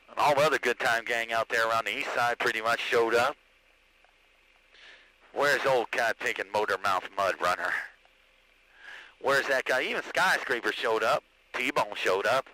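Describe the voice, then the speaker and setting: A man's voice: on the high side, sharp tone. A man trash-talking and boasting in drawling, profane CB radio banter, heard over a crackly radio transmission. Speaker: CB radio operator.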